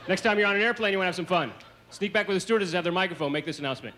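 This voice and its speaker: Brisk stand-up comic on a noisy stage. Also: male voice, sits high. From American South. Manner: brisk, punchy delivery with put-on voices. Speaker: stand-up comedian. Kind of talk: stand-up comedy routine. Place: comedy stage before a live audience. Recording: noisy 1980s TV stage recording.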